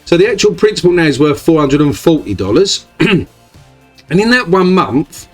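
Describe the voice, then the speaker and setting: A man talks through his screen in a loose, chatty vlog style, full of "um"s and tag questions. Faint music plays softly underneath his voice. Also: a little high, sing-song, moderate pace. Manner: rambling, many fillers and tag questions. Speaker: crypto YouTuber. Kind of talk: casual screen-share commentary.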